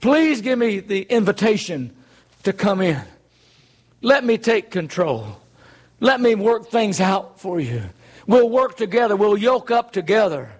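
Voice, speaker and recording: A man's voice: sits high, sing-song, a little slow. A man preaching a sermon in an earnest, conversational way, full of rhetorical questions.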